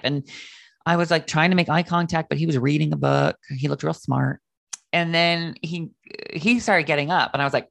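A middle-aged man hosting a call-in show, chatting and telling a story in a lively, animated way. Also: on the high side, a little fast, gravelly, no echo, studio quality. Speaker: host. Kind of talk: casual chat show talk. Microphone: video call.

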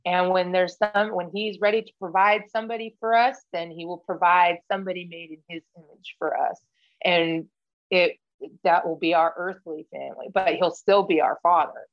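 A woman's voice: on the low side, fairly even intonation, normal speed, muffled recording. A woman guest in a casual interview, speaking candidly and earnestly, with frequent fillers and restarts. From United States. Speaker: podcast guest, Marine veteran.

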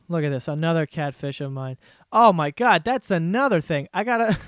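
A man's voice: fairly high pitch, moderate pace, dry recording, studio quality. A young man rambling through profane, laugh-filled stories as the host of a casual comedy podcast.

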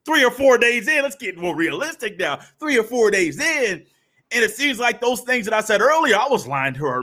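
A young man hosting a sports podcast, talking casually and acting out little scenes with animated swings in pitch and pace. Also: moderate pace. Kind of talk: casual monologue with storytelling.

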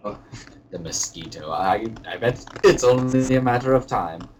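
A man's voice: mid-range voice, animated, normal speed, over music, lightly acted, low-quality recording. A man playing a fussy, pompous British lord on a comedy podcast, speaking in a put-on British accent, rambling and hesitant while he has the hiccups. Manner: rambling, hesitant, genteel phrasing. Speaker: podcast co-host. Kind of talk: comedic podcast character chat.

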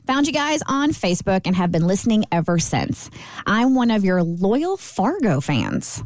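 Expressive woman radio co-host. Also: medium pitch, moderate pace, dry recording. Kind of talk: reading a listener letter on radio.

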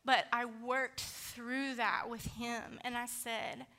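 A woman's voice: on the high side, little pitch movement, slow pace, sharp tone. A woman preaching a sermon, candid and conversational, mixing scripture with a personal story and casual fillers.

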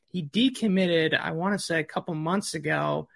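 Bright-voiced man in casual sports chat. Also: fairly high pitch, moderate pace, creaky. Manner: loose, thinking aloud with fillers and restarts. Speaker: recruiting podcast co-host.

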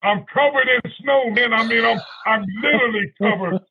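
A man's voice: extremely high pitch, moderate pace, muffled recording, a crowd in the background. A man telling a long anecdote as a guest on a radio talk show, rambling and peppering it with "you know" and "right?". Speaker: guest storyteller.

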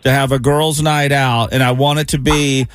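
A man's voice: mid-range voice, level tone, normal speed, slight background noise. A man hosting a morning radio show, upbeat and teasing with callers. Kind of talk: lively radio banter.

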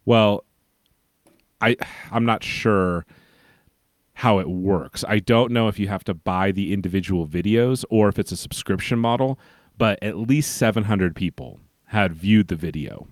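A man's voice: lowish voice, unhurried, no echo. A man co-hosting a podcast, chatting casually and recapping with a dry, joking edge. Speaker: podcast co-host. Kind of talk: casual chat.

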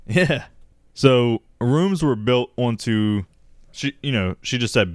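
A man's voice: mid-range voice, takes it slowly, clear, resonant tone, no echo, studio quality. A man co-hosting a podcast, telling a story in casual chat, swearing and laughing often. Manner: profane, laughs often, says dude. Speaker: podcast co-host.

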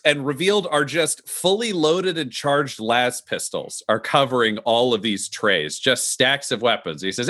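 A man narrating a tabletop role-playing game as game master, animated and descriptive, with frequent fillers. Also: medium pitch, normal speed, few pauses, no echo, studio quality.

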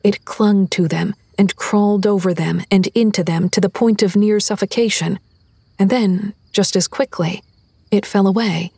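A woman reading a horror audiobook in a measured, deliberate storytelling voice. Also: medium pitch, steady tone, vocal fry, warm tone, husky, no room sound. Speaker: narrator. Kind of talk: scripted horror audiobook narration.

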